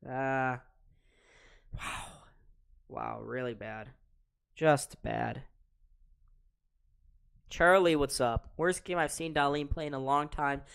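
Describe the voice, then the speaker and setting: A man's voice: on the high side, creaky, a bit bright, smooth. A young man in his late teens hosting a live reaction stream, calling hockey play-by-play in an exasperated, ranting way and repeating himself. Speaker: livestream host.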